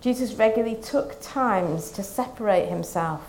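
A woman preaching a Lent sermon, reading scripture and reflecting in a calm, measured way. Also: mid-range voice, creaky, a little hiss or hum.

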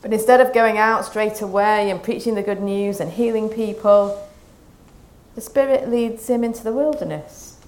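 A woman preaching a Lent sermon, reading scripture and reflecting in a calm, measured way. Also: mid-range voice.

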